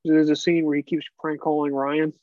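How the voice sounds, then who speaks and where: A man with a high voice chats on a podcast, laughing often and cursing freely. The sound is dull and lo-fi in a dry room. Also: normal speed, no room sound. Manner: laughing, swearing, animated. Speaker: podcast guest. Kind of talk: casual chat.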